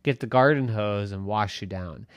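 A man's voice: fairly low pitch, moderate pace, clear, resonant tone, dry recording, pitched below the performer's own voice, natural voice. A man voicing a dad in a bedtime story, exasperated yet playful with his son.

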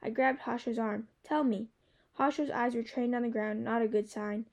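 Mellow woman reading a novel aloud. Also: a little high, steady tone, brisk, muffled recording. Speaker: audiobook narrator. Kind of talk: first-person novel narration.

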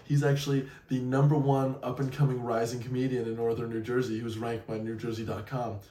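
A man's voice: mid-range voice, a little fast, recorded from a distance, slight background noise. Man telling a story, echoey room. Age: young adult. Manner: animated storyteller, laughs a lot. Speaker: podcast co-host. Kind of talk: casual chat, storytelling.

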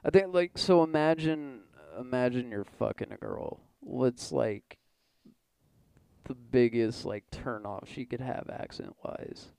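A man's voice: medium pitch, takes it slowly, vocal fry, a little mellow, clean tone, dry recording. A young man co-hosting a podcast, chatting casually in a loose, profane way full of fillers. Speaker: podcast co-host. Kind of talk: casual chat.

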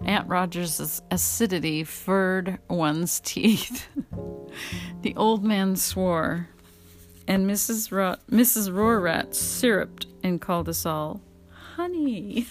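A woman's voice: on the low side, slow pace, soft background music. A woman casually reading a memoir aloud, amused and prone to breaking into laughter. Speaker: reader.

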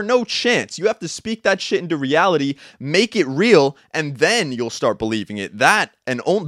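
A young man hosting a podcast, giving an intense, profane motivational monologue with bursts of shouting. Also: medium pitch, no room sound, clean studio sound. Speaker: podcast host. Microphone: two cameras, podcast mic.

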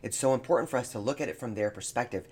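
A man talks earnestly on a casual podcast, and his feeling comes through as he speaks. His voice sits at an ordinary middle pitch for a man. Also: rapid-fire, a little mellow, husky. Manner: earnest, heartfelt. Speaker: podcast co-host. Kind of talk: casual chat.

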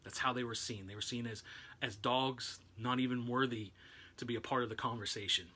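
A man's voice: mid-range voice, steady tone, brisk, bright, forceful tone, husky. A man giving a casual, conversational sermon, retelling a Bible story with loose restarts. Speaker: preacher.

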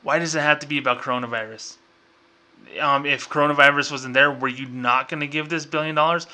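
A man's voice: a little high, fairly even intonation, brisk, bright, forceful tone. A man hosting his own show, ranting in a casual, exasperated and sarcastic way, full of fillers and restarts. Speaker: podcast host.

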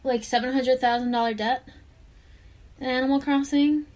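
A woman's voice: high-pitched, steady tone, normal speed, a little mellow. A young woman in casual chat as podcast co-host, giggly and swearing casually.

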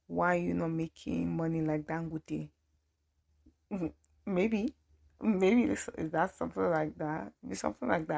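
A woman's voice: on the low side, creaky, mellow. A young Nigerian woman with a Nigerian accent, chatting playfully and laughing often as she reacts to replies. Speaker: podcast host. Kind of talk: casual chat.

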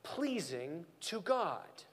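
A male pastor preaching a sermon and acting out quoted voices in an animated way. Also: a little high, drawn-out words, breathy edge, big-room sound.

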